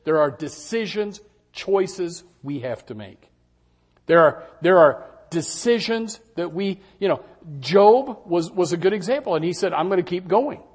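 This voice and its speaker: A man's voice: sits high, measured pace, breathy edge. An older man preaching a sermon, often acting out doubters' replies in a raised voice. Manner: animated, acts out congregants' doubts in raised voices.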